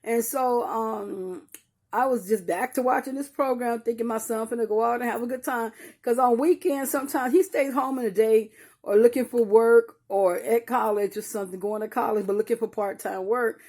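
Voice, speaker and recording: A woman's voice: on the high side, steady tone, moderate pace, darkish tone. An older woman telling a personal story to her viewers as a grieving mother, talking straight to listeners and often restarting her sentences. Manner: talks straight to listeners, calling them y'all; repeats and restarts while recalling painful memories.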